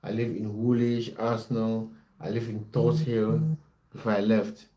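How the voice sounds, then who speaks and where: Mellow-voiced young man chatting on a livestream. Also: lowish voice, level tone, unhurried. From based in the United Kingdom. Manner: chatty, reads out chat comments, restarts often. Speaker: football coach and livestream host. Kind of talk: casual livestream chat with viewers.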